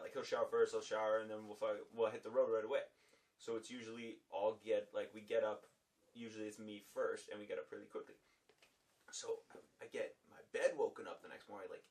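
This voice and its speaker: A young man with a lowish voice spins a rowdy story as a podcast guest, acting out the other people's lines. He swears often and keeps it loose and animated. He sits a bit back from the mic, so he sounds distant. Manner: animated, swears freely, acts out quoted dialogue. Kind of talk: casual storytelling chat.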